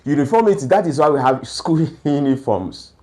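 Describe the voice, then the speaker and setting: A man's voice: on the high side, animated, normal speed, a little mellow. A man giving a lecture-style talk on education, asking rhetorical questions and then answering them. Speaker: education speaker.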